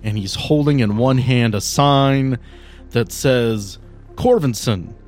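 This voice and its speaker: A man's voice: medium pitch, takes it slowly, a little mellow, soft background music. A man narrating a tabletop game as game master, in a loose, joking way.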